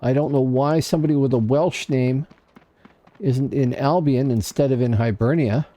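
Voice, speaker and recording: A man's voice: medium pitch, normal speed, dark tone. A man casually commenting on his gameplay on a livestream, chatting to himself and to viewers in chat. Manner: chatty, talks to himself and chat while playing. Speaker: livestream gamer.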